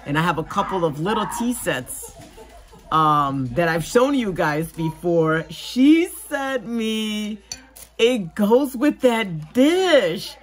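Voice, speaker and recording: A woman's voice: mid-range voice, lively intonation, slow. A woman vlogger chatting casually as she opens gifts, gushing and gasping with delight. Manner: gushing, gasps and squeals when delighted. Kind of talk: casual unboxing chat.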